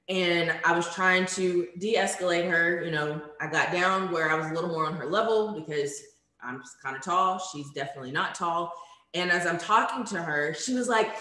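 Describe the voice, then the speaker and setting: A woman's voice: on the low side, pushed and bright. A woman leading a virtual conference training session from home, talking in a friendly, conversational way with frequent ums. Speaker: workshop facilitator. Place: home room. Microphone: video call. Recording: echoey room.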